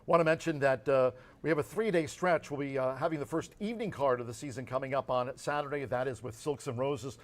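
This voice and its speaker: A man co-hosting a horse racing show, chatting casually and reading promos with plenty of fillers. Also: medium pitch. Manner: fast, rambling, with many fillers.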